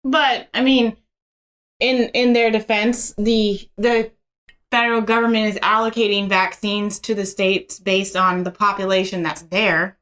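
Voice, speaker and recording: Bright, sardonic woman co-host. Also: mid-range voice, little pitch movement, measured pace. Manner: blunt, sardonic. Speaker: podcast co-host. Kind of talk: casual political chat.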